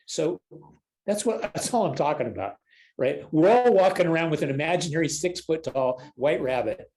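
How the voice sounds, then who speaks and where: Heard through poor audio, an older US counselor and spiritual leader speaks at a normal speed in a fairly high voice. He's an animated podcast guest in a casual storytelling conversation, acting out the voices he quotes.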